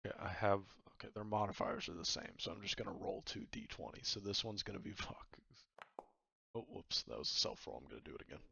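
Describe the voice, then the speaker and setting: A man's voice: lowish voice, lively intonation, fast, vocal fry, bright, forceful tone, slightly rough, no echo. A man narrating a tabletop game as game master, in a casual way with laughs and frequent swearing. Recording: dull lo-fi recording.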